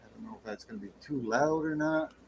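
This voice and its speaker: A man hosting a late-night livestream chat in a folksy way, greeting viewers with loud whoops. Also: on the high side, quick pace, poor audio. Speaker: livestream host. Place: home studio with air conditioner running. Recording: faint air conditioner hum.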